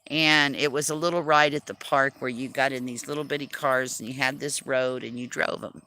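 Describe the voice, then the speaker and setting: A woman's voice: a bass voice, fairly even intonation, moderate pace, bright, forceful tone. A woman chatting casually on a livestream, self-deprecating and laughing often as she talks. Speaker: livestream host.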